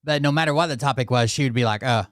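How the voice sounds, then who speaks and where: A man's voice: medium pitch, rapid-fire, no echo, studio quality. A man hosting a reaction channel, talking loosely over clips with lots of filler words. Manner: loose, rambling, many "like"s. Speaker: commentary channel host. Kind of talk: casual reaction commentary.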